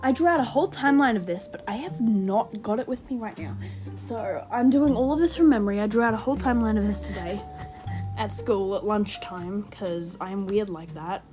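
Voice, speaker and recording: A young woman hosting an unscripted fan-theory podcast, excitable and rambling, who speeds up when excited. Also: medium pitch, a little fast. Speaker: podcast host. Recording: music playing behind the voice.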